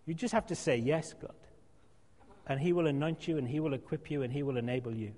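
A man with a high voice preaches a sermon, repeating his phrases for emphasis and now and then dropping to a soft hush. He speaks in a church, and his voice rings with a long reverb. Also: racing.

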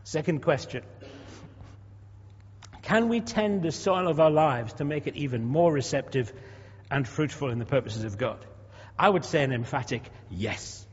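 Expressive and husky, a little high and at normal speed, a man in his sixties preaches in a church. He keeps the sermon conversational, full of rhetorical questions and repeated words, and the hall recording is dull and echoey.

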